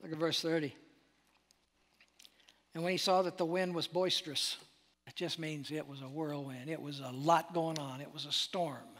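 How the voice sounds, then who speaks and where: A man preaching a sermon as pastor, animated and dramatic, dropping to a near-whisper for emphasis. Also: fairly high pitch, moderate pace, long pauses. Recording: long hall reverb.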